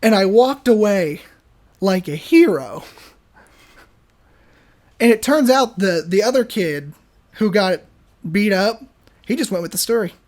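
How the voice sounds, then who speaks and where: A young adult man co-hosting a podcast, telling a story in an animated, casual way full of fillers and restarts. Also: high voice, a little slow, long pauses. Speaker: podcast co-host.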